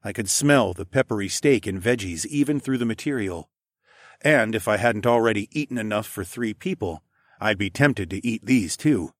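A man narrating a first-person audiobook in a steady, even storytelling manner. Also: fairly low pitch, moderate pace, no echo, studio quality.

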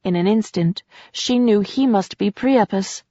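A woman reading a novel aloud as an audiobook narrator in a measured, expressive way, on a slightly muffled recording. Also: on the low side, no room sound. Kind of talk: scripted narration.

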